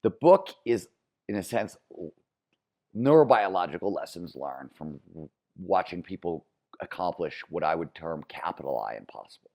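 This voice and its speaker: A middle-aged man with a flat Midwestern American accent and a very deep, low voice. He speaks as a podcast guest and explains with energy, restarting phrases as he builds each point. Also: moderate pace, gravelly. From Cleveland, Ohio, US. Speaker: author and guest. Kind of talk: podcast interview.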